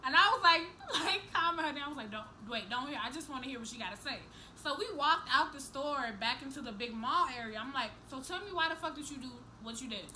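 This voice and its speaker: Bright high-voiced young woman telling a story. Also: fast talker, hardly any pauses, slight background noise, low-quality recording. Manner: animated, profane, acts out each person's lines, laughs through the story. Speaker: vlogger. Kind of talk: casual storytelling to camera.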